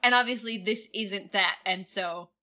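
Bright, animated woman chatting about films. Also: medium pitch, measured pace, soft background music. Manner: animated, laughing, opinionated. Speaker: podcast co-host. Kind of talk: casual movie discussion.

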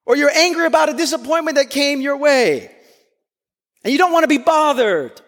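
A man preaching a sermon to a congregation, earnest and emphatic, sometimes pushing to near-shouts on key points. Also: extremely high pitch, expressive, normal speed. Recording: long hall reverb.

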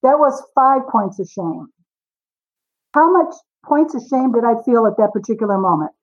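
A woman in her forties, a guest author on a podcast interview, telling stories with lively acted-out dialogue. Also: a little high, moderate pace, highs cut off. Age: 40s. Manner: animated storyteller, acts out dialogue.

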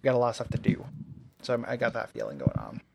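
Quick, rambling, self-deprecating male co-host in loose chat. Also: mid-range voice, very animated, creaky, very noisy. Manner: rambling, self-mocking, many fillers and restarts. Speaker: podcast co-host. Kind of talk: casual chat.

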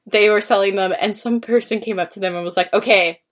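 A woman's voice: medium pitch, steady tone, quick pace, noisy background. A woman co-hosting a casual podcast, a comic artist telling anecdotes with laughter and quoted voices. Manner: laughing anecdotes, quoting others. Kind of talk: casual chat.

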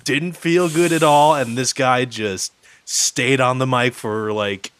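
A man's voice: mid-range voice, fairly even intonation, slow pace, fairly bright tone, smooth. A man co-hosting a podcast, telling a rambling story in casual chat, full of fillers and restarts, swearing freely. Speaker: podcast co-host.

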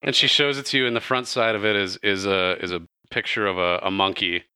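A man's voice: lowish voice, fairly even intonation, brisk, bright, forceful tone, clear, resonant tone, dry recording. A man running a tabletop game as game master, narrating in a loose, chatty way.

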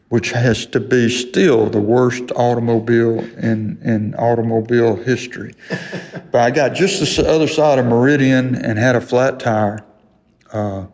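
An older man with a mid-range, slightly mellow voice tells a sports story as an interview guest. A folksy storyteller, he laughs through his own anecdote, and the recording carries a long hall reverb.

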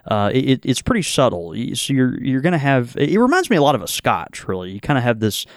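A man's voice: mid-range voice, very animated, fast talker, dry recording, clean studio sound. A man hosting a casual whiskey tasting chat, rambling with many fillers and restarts. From American South. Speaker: podcast host.

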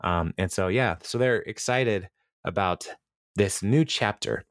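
Guy rambling thru a show recap, lowish voice, dead dry mic. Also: measured pace, no echo. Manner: rambling, laughs often, quotes characters in a lightly acted voice. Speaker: podcast host. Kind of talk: casual recap chat.

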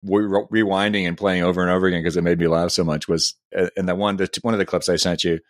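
Deep-voiced man in casual chat. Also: little pitch movement, fast, dry recording, clean studio sound. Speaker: podcast co-host.

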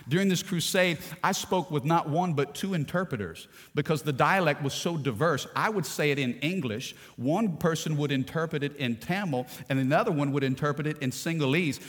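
A middle-aged preacher from Louisiana tells stories from the pulpit, dropping low and quiet, then rising to shouts. His voice sits a bit high for a man. Long reverb trails off in the big sanctuary. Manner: storytelling, swings from hushed to shouting with laughter. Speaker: pastor. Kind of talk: sermon.

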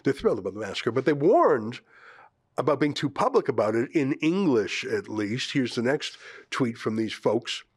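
A man's voice: medium pitch, very animated, normal speed, husky, no echo. A man hosting an opinion commentary show, speaking emphatically and firing off sarcastic rhetorical questions. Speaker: host.

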